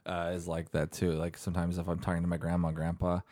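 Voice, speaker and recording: A man co-hosting a casual podcast, chiming in with dry, quick asides. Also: low voice, monotone, darkish tone, dry recording. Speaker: podcast co-host. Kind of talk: casual chat.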